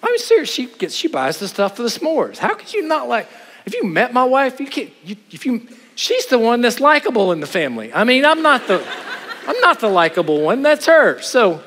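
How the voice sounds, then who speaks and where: A middle-aged man preaching a sermon to a chapel audience, animated, with joking asides and rhetorical questions. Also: extremely high pitch, moderate pace. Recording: hall with long reverb.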